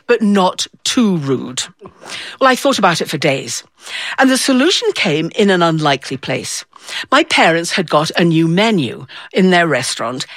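Lively expressive woman storyteller. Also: medium pitch, dry recording. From north of England. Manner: expressive, playful, dramatic voices for quotes. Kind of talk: personal storytelling performance.

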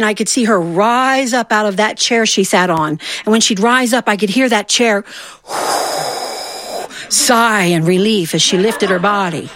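A woman telling a personal story in an animated way, acting out the voices of the people in it. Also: medium pitch, no echo.

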